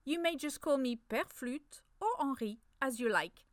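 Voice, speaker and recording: A woman's voice: a little high, expressive, normal speed, no room sound, clean studio sound, natural voice. A woman reading the lines of a small, genteel male street flutist in a story, speaking in a courtly, gracious manner.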